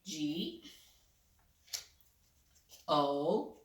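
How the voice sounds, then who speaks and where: A woman's voice: low voice, expressive, extremely slow, roomy sound, slight background noise. A woman teaching a young child to spell simple words, patient and encouraging, sounding out letters one by one.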